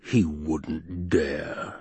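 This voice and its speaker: A man voicing a fat, scheming male baron, speaking slowly, low and slyly in a storybook reading. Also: steady tone, a little mellow, husky, no echo, heavily acted. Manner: slow, low, sly and brooding.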